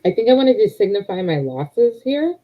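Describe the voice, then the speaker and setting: A woman's voice: medium pitch, big pitch swings, moderate pace. Giggly tipsy woman on a lo-fi stream. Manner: giggly, teasing. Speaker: livestream host. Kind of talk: casual chat. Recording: dull lo-fi stream audio.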